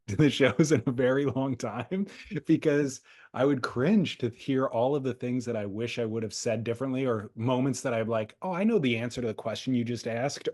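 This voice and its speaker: A man's voice: medium pitch, darkish tone. A man co-hosting a podcast in casual chat, chatty and a little pedantic. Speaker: podcast co-host.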